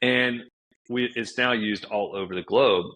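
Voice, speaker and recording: A man, guest on a podcast, tells stories with vivid energy, acting out what people said with big leaps in his voice. His voice sits fairly low and sounds forceful and bright. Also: unhurried. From United States. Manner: animated storyteller, acts out quoted dialogue with big pitch jumps. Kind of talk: casual storytelling interview.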